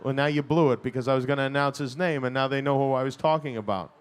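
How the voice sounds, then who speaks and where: A man's voice: medium pitch, fast, clean tone. A man hosting an award presentation, teasing his co-presenter in a playful way. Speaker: event host.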